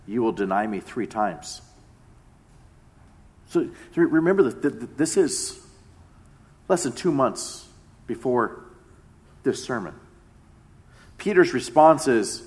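In a mid-range voice, a man preaches a sermon, retelling a story with dramatic shifts between loud emphasis and hushed tones.

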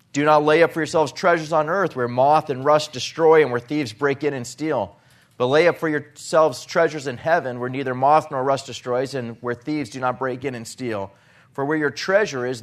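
Earnest male preacher giving a sermon. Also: a little high. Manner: earnest, rising to emphatic when quoting scripture.

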